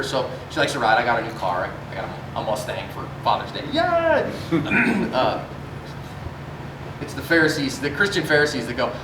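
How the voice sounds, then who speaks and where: Man telling stories in an echoey room. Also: a little high. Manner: conversational storytelling. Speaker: self-defense instructor. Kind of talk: live class talk. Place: church meeting room. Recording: echoey room, distant mic, faint noise.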